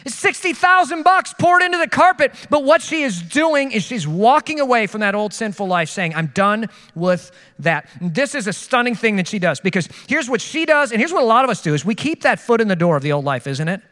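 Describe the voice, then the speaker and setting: A man preaching a sermon in a bright, high voice, earnest and conversational, with a string of rhetorical questions. His voice rings out in a space with long reverb. Soft music plays faintly behind him. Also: sing-song, brisk, few pauses. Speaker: pastor.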